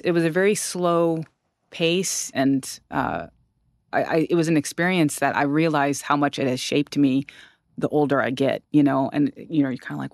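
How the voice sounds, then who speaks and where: A musician guest from North Carolina speaks casually and thoughtfully. The talk is halting, with frequent restarts and fillers. The recording is dry and close. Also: medium pitch, vocal fry, no room sound. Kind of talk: casual reflective interview talk.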